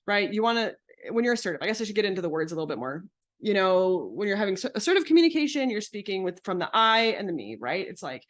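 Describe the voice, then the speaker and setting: Chatty woman therapist teaching live. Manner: casual, explanatory, many fillers and restarts; acts out quoted lines with sudden high pitch. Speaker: psychotherapist and betrayal coach.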